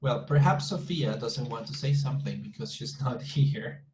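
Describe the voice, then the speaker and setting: Male teacher, hesitant and repetitive, mid-pitched, steady online class delivery. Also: moderate pace, a little hiss or hum, rough recording. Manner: hesitant, repeats words often. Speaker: English teacher.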